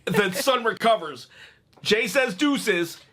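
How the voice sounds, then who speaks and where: A man's voice: sits high, lively intonation, slow, pushed and bright. A man hosting a wrestling reaction video, chatting casually and joking, laughing at his own stories.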